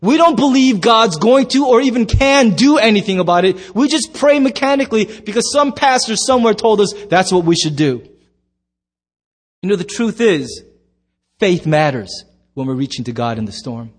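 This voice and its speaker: A man with a high, light voice preaches a sermon in a church. He tells stories with animated voices and bursts into shouts now and then. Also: normal speed. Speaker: pastor.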